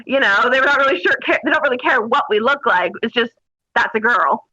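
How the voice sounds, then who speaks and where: Woman guest telling funny army stories, bright voice, lots of laughing, dull lo-fi sound. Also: high-pitched, quick pace. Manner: animated, laughing, crude humor. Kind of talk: casual interview storytelling.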